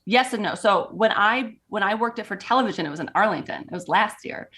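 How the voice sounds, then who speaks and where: A woman's voice: mid-range voice, fairly quick. Chatty female sports broadcaster. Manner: chatty, animated, frequent "like". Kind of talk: casual sports chat.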